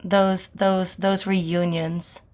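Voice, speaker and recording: A woman giving a casual tarot reading in a chatty, slangy, animated way. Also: lowish voice, very slow. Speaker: tarot reader.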